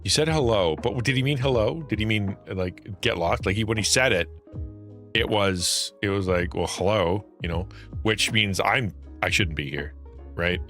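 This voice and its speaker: Animated man with a bright voice. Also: fairly low pitch, moderate pace, faint music behind. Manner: animated, acts out anxious inner thoughts, laughs often. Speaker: streamer and Christian content creator. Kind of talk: casual livestream talk.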